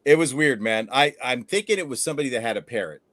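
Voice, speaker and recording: Fishing-show host, male, middle-pitched, animated storyteller, dry close sound. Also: fast talker, no room sound. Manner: animated storyteller, swears casually. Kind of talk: casual livestream chat.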